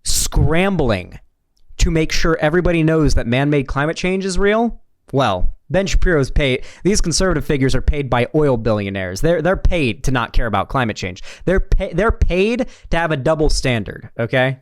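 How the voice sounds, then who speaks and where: A man's voice: a little high, animated, moderate pace, no room sound, clean studio sound. Sarcastic young man reacting to a clip. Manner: sarcastic, rambling with restarts. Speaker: political commentary host. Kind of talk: reaction commentary.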